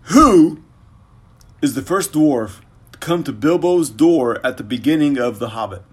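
A man's voice: medium pitch, expressive, normal speed, darkish tone, breathy edge. Sarcastic swearing man on a podcast. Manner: sarcastic, swears freely, joking. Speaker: podcast co-host answering quiz. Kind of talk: casual chat.

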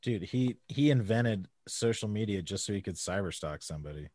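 A middle-aged man with a fairly low voice, co-hosting a relaxed podcast chat. He jokes around and laughs often. The sound is dry and close, with no room around it. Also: a little fast, no echo. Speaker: podcast co-host. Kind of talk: casual chat.

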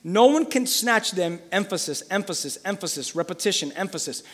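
A man preaching a sermon as pastor, fervent and repetitive, building up to shouting. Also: high voice, lively intonation, fairly quick, long reverb tail. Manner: fervent, repeats phrases for emphasis, builds to shouting.

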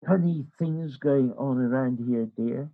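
A man voicing an older woman receptionist who speaks in a hushed, secretive way, his own voice husky. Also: medium pitch, unhurried, pitched below the performer's own voice. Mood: conspiratorial. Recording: dull lo-fi recording.

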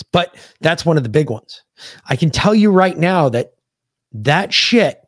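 A man's voice: fairly high pitch, no echo, clean studio sound. A man from the United States, a podcast host, bluntly and profanely retelling a combat story in casual conversation.

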